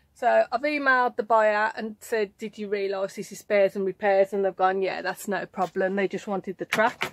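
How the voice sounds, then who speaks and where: A woman's voice: on the high side, dry recording. A middle-aged woman with a Birmingham accent, chatting and rambling on a casual tour of her home loft while filming it herself, often laughing at herself. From England. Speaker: part-time online reseller. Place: home loft storage space.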